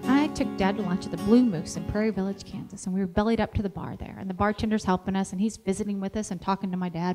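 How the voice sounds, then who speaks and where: A middle-aged woman giving a motivational talk as an animated storyteller who acts out the dialogue. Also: medium pitch, fast, hardly any pauses, faint music behind. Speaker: motivational speaker.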